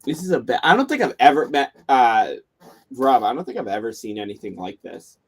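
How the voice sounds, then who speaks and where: A man's voice: medium pitch, animated, a little fast, husky. A man co-hosting a casual sports talk stream, talking in a laid-back, hesitant way with many fillers. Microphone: live stream call.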